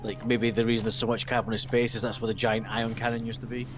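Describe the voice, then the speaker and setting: A man's voice: mid-range voice, flat delivery, quick pace, soft background music. A British man chatting casually and laughing often during a group building session. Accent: British English. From Britain. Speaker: host and builder. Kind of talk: casual gaming chat.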